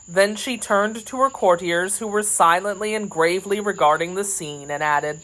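A woman narrating a classic children's storybook in a measured, expressive way. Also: medium pitch, poor audio. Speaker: audiobook reader.

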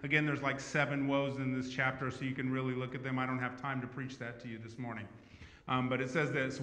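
A man preaching a sermon as pastor, talking in a conversational way that swings from emphatic to hushed. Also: mid-range voice, little pitch movement, fairly quick. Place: church sanctuary. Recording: echoey church hall.

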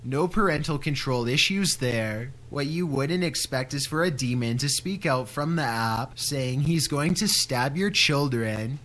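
A man's voice: mid-range voice, fairly bright tone, a little hiss or hum. Dry, sarcastic male list narrator. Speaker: narrator of a countdown video. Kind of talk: scripted narration.

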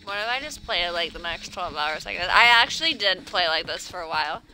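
A woman's voice: lowish voice, animated, fairly quick, bright, forceful tone, poor audio. A woman streaming live, chatting playfully in a put-on mixed-accent voice and drawling her words. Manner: putting on a jokey mixed-accent mustache-man voice, drawling words. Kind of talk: playful casual stream chat.

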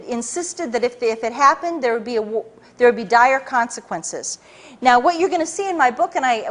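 A woman with a high voice is speaking to a live audience. She tells her story in an animated, lecture-like way. She often restarts and repeats words as she goes. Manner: animated, frequent restarts and repetitions. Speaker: public speaker giving a talk.

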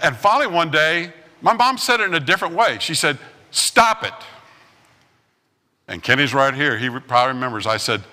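A man preaching a sermon as pastor, telling stories with acted-out quotes and lively swings in delivery. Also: mid-range voice, long reverb tail. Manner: animated storytelling with acted-out quotes. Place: church sanctuary.

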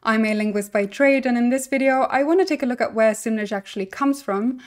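A woman who is not American, a linguist, reading a scripted explainer in a clear, measured, lightly humorous way. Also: on the high side. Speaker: linguist presenting a video essay.

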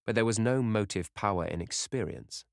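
A man reading a classic novel aloud in a measured, even narration. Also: fairly low pitch, gravelly, no room sound, studio quality. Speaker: audiobook narrator. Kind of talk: scripted narration.

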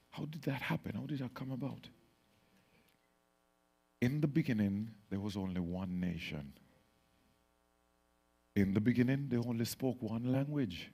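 A man preaching a sermon as pastor, swinging from quiet drawn-out lines to loud excited bursts. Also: fairly low pitch, husky.

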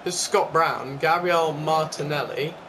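A man's voice: fairly high pitch, a little slow, crowd noise. A man giving casual, sweary, exasperated commentary while playing a football video game. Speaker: gaming YouTuber. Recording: steady background noise.

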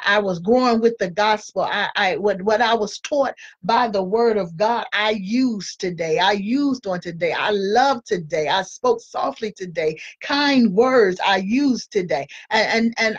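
Woman, Christian talk, earnest and chatty, fairly high pitch, dull lo-fi sound. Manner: earnest, conversational, repeats words as she talks. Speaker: Christian speaker and school board candidate. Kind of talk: informal Christian encouragement talk.

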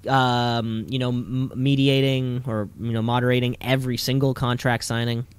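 A man co-hosting a podcast, chatting in an animated, digressive way with lots of fillers and asides. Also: medium pitch, moderate pace, clear, resonant tone. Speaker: podcast co-host. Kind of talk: casual chat commentary.

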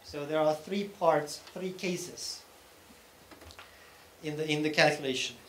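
A man presents at a technical conference, walking through each point step by step and pausing to check that the audience is following. His voice sits somewhat high. The hall around him echoes, with a faint hum of room noise beneath. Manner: explains step by step, often checking in with "okay?". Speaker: conference speaker.

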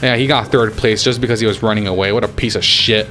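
A man's voice: fairly low pitch, fairly even intonation, quick pace, sharp tone, soft background music. A young man giving casual gameplay commentary, getting frustrated, swearing and trash-talking opponents as he plays. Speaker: gaming YouTuber.

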